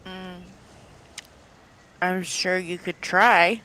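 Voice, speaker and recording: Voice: medium pitch, fairly even intonation, drawn-out words, pushed and bright, slight background noise, rough recording. A player in a tabletop game who talks in a dry, laid-back way and checks on the rules. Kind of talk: casual chat in a tabletop game.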